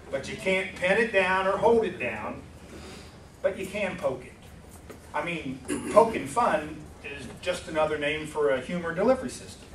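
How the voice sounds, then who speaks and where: A man from Virginia, moderating a live festival panel with dry, self-deprecating humor. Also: on the high side. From West Virginia. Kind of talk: live panel introduction with jokes. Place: book festival hall. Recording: roomy hall, distant mic, faint noise.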